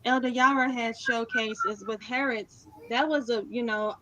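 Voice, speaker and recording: A woman defending her argument as a debate guest, speaking in a measured way with frequent hesitant fillers. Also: on the high side, fairly even intonation, pushed and bright, no echo, low-quality recording.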